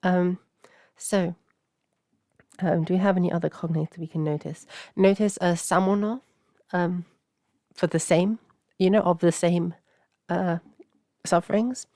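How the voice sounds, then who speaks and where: A woman's voice: lowish voice, steady tone, measured pace, pauses often, mellow, no room sound, clean studio sound. A woman teaching an old language word by word in a patient, explaining manner, with many fillers and self-corrections.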